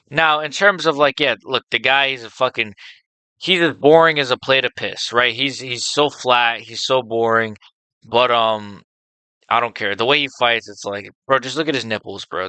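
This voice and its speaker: A man's voice: medium pitch, bright, forceful tone, clean tone, dry recording. A man rambling through casual fight picks, swearing freely and filling gaps with um and like. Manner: rambling, profane, with many fillers; enthusiastic fan opinions. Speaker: MMA video host. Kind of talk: casual unscripted monologue.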